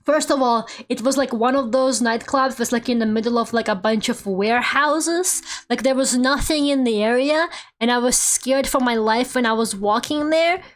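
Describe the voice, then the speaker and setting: A woman's voice: on the high side, normal speed, faint music behind. A woman streamer chatting casually while she draws, laughing often and swearing offhandedly. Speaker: VTuber streamer.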